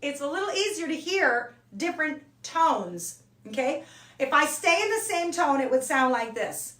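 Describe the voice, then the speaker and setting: A woman's voice: high-pitched, sing-song, normal speed, fairly bright tone, echoey room, far from the mic. A woman voice coach teaching an online singing lesson, talking casually and checking in with "okay?" and "all right?" between points.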